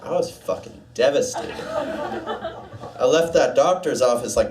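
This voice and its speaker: Young man, stand-up comic, deadpan, dark humor, set a bit back from the mic. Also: a little slow, recorded from a distance, a crowd in the background. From United States. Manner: deadpan, dark jokes, puts on a gruff low voice for the doctor. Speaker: stand-up comedian. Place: small bar stage.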